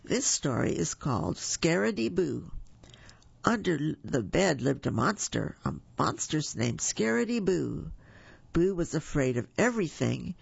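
Brief: woman storyteller, husky and a touch gravelly, gentle read-aloud pace, dry dull studio sound. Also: sits low, very animated, measured pace, no room sound. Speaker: volunteer reader for a reading service.

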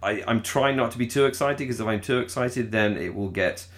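A British man co-hosting a podcast in casual chat, halting and often repeating his words as he thinks aloud. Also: medium pitch. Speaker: podcast co-host.

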